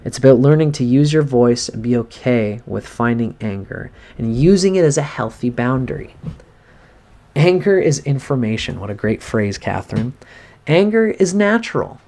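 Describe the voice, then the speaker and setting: A man in a live-streamed cold reading, speaking straight to a viewer and coaching her in an earnest, animated way. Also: mid-range voice, moderate pace. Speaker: astrologer giving a reading.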